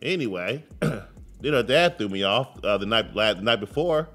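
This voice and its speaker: A man's voice: lowish voice, animated, normal speed, a bit bright, faint music behind. A man in his thirties co-hosting a casual talk show, telling profane stories and mimicking voices. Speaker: co-host.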